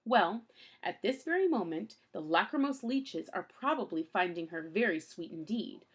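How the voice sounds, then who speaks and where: A woman voicing a scheming villainous man who gloats slowly and menacingly while she reads a storybook aloud. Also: mid-range voice, animated, breathy edge. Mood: gloating.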